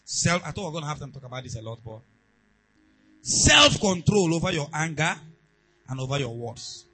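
A man delivers a sermon in a high, bright voice with a slightly husky edge. He swings from hushed asides to loud exhortation, with his pitch leaping all over. Faint music plays behind him. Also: sing-song, normal speed, poor audio. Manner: emphatic preaching, swinging between quiet asides and loud exhortation. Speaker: pastor.

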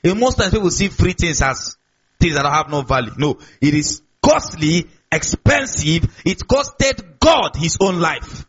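Man preaching, high husky voice, quizzes the congregation, dull lo-fi recording. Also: expressive, measured pace, a bit bright. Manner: call-and-response preaching, repeats key words. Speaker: pastor. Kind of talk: sermon.

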